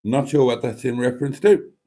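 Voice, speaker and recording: A middle-aged man hosts a casual live stream, reading viewer comments aloud between rambling, self-interrupting asides. His voice is mellow and a little congested, and he keeps trailing off into tangents as he chats. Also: medium pitch, fairly quick. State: a bit congested with mucus.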